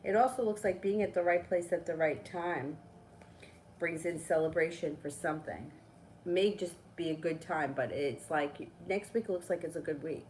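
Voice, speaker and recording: A middle-aged woman, a tarot reader chatting casually on a live stream, telling a story with lively, swearing asides. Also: lowish voice, normal speed, a little hiss or hum, poor audio.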